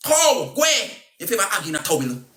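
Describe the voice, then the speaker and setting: A Jamaican woman ranting crudely on a live video, trading loud insults and singsong taunts. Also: medium pitch, very animated, quick pace, a little hiss or hum. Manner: loud crude cussing, sing-song taunts. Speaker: social media personality. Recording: roomy echo.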